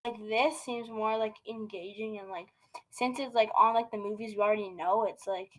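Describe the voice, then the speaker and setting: A woman's voice: medium pitch, fairly even intonation, moderate pace, poor audio. A woman co-hosting a podcast in casual chat, eager and padding every phrase with "like". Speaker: podcast co-host.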